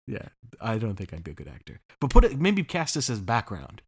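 A man's voice: fairly low pitch, wildly swooping pitch, a little fast, husky. A man co-hosting a podcast in casual chat, laughing often and swearing freely. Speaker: podcast co-host.

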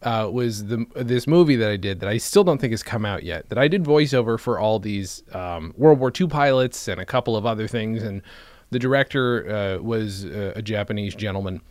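A man's voice: fairly low pitch, animated, a little fast, darkish tone, dry recording. A man, chatting casually as a podcast co-host and rambling through stories with careful self-qualifications. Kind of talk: casual chat.

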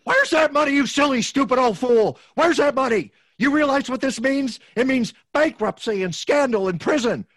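A man's voice: high-pitched, big pitch swings, brisk, a bit bright, dry recording, studio quality, full character voice. A man voicing a short-tempered, frazzled middle-aged family man in a comic parody, snapping in exasperated outbursts. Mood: furious.

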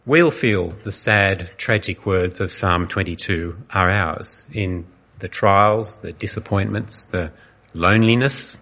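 A male pastor preaching an earnest sermon, dramatic and full of pauses. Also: low-pitched, fairly bright tone. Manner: earnest, dramatic, pausing often.

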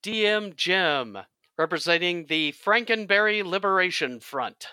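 A man's voice: sits high, lively intonation, unhurried, bright, forceful tone, clean tone, no room sound. A man hosting a podcast about tabletop games, chatting casually and jokily while he explains the rules. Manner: jokey, explains game rules at length. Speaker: podcast host.

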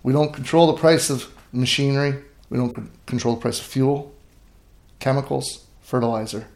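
Gravelly middle-aged farmer, echoey room. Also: male voice, medium pitch, steady tone, normal speed, a little mellow. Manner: earnest, emphatic, many restarts. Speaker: grain farmer guest. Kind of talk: storytelling interview talk.

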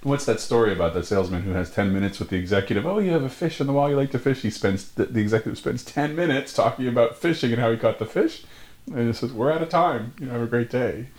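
A man's voice: medium pitch, animated, fast talker, darkish tone. A man hosting a casual business conversation, asking questions with frequent fillers. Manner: asks questions, frequent "yeah" and "you know".

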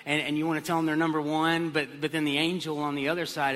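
A man's voice: on the high side, fast talker. A man pastor preaching a sermon, telling stories with comic voices. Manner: animated storytelling with comic voices. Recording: long hall reverb.

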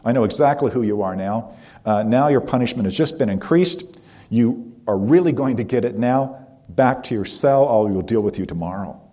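A man's voice: mid-range voice, moderate pace, dark tone, lightly acted. A man voicing an angry threatening interrogator. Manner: demanding, threatening. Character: angry male police interrogator, harsh and threatening.

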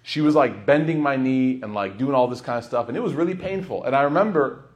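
A man teaching a class on scripture, his voice sitting at an everyday middle pitch. He tells stories and plays out the dialogue as he goes. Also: lively intonation, a little fast, lo-fi sound. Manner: storytelling, acts out dialogue. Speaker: Quran teacher. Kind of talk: lecture on scripture.

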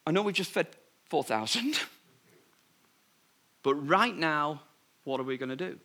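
A man's voice: fairly high pitch, animated, unhurried, sharp tone, heavily acted. A man voicing a group of quarrelling grown fishermen who defend themselves and pass the blame. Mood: bickering. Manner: bickering, defensive. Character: quarrelling adult male fishermen disciples.

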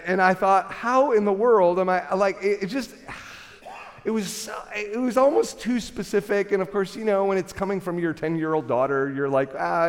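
Man, middle-aged, pastor, animated sermon storytelling, self-deprecating, slightly high voice, reverberant church hall.

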